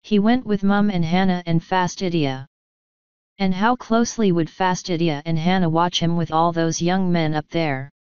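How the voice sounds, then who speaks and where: A woman reads an audiobook in a steady, even storytelling manner. Her voice is low and very smooth. The recording is dry and close, with a slightly dull tone. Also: moderate pace, no echo. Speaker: audiobook reader. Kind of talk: scripted audiobook narration.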